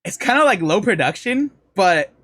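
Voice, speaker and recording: A man's voice: high-pitched, sing-song, normal speed, fairly bright tone, no echo. A man co-hosting a podcast in casual chat, rambling with fillers as he recommends songs. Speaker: podcast co-host.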